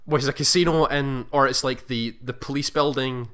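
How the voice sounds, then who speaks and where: Man, podcast co-host, bright, medium pitch, rambling recap with restarts. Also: steady tone, moderate pace. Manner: rambling, self-correcting, acts out quoted lines. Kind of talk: casual chat, recapping a game plot.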